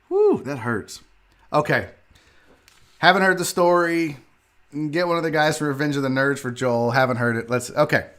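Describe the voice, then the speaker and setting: A comedian from Houston, Texas, hosting his own show, telling a casual story in a profane, animated way and acting out what people said. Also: medium pitch. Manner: profane, animated ranting with acted-out quotes. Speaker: comedian and podcast host.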